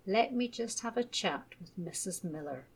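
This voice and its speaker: A woman voicing a gentle, patient mother in a children's storybook, coaxing and reassuring. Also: medium pitch, animated, normal speed, slightly rough.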